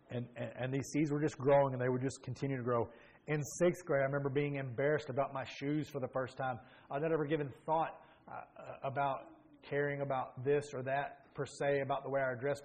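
A man's voice: mid-range voice, darkish tone. A middle-aged man, preaching his personal testimony in an earnest, reflective storytelling manner with frequent restarts. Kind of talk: testimony sermon.

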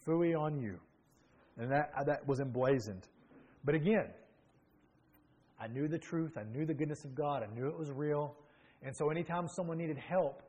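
A man's voice: fairly high pitch, a little mellow. A middle-aged man, preaching his personal testimony in an earnest, reflective storytelling manner with frequent restarts. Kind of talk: testimony sermon.

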